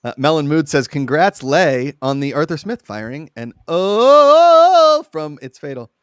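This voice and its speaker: A man hosting a casual game watch-party chat, excitable, reading chat aloud and laughing often. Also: mid-range voice, moderate pace, no room sound, studio quality. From Pittsburgh. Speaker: host.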